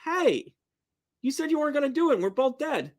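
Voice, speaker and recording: A man putting on an incredulous male frog from a told-aloud fable, his voice pushed up high into an indignant squeak. He protests sharply and sounds put out. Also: big pitch swings, a little fast.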